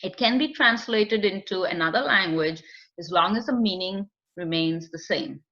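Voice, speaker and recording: A woman's voice: lowish voice, moderate pace, a bit bright. A woman with a non-native accent, explaining a screening test in a training lecture with many fillers. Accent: non-native English. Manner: explanatory, with fillers and acted client quotes. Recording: dull lo-fi recording.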